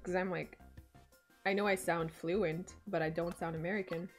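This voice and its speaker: A woman whose first language is French, streaming a game and chatting casually. She jokes, swears freely and breaks into sudden excited outbursts. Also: on the low side, normal speed, faint music behind. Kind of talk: casual gaming stream chat.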